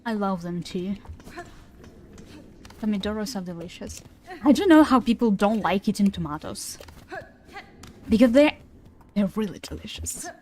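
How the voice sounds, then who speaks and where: A woman's voice: medium pitch, lively intonation, moderate pace, pauses often, mellow. A woman streaming a video game, chatting casually in English with a Ukrainian tinge, playful and self-mocking. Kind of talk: casual gameplay commentary. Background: game music.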